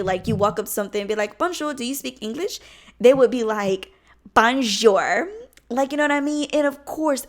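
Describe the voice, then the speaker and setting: A young woman talking to her camera in a loose, unscripted vlog. She is candid and blunt, swearing freely and jumping from thought to thought with restarts. Her voice sits at an ordinary middle pitch. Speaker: vlogger. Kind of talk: casual talking-head vlog.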